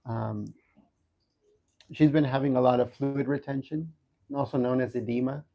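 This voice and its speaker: A man giving a casual livestream update from a hospital room, talking haltingly with many fillers and restarts. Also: medium pitch, steady tone, muffled recording. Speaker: livestream host updating viewers.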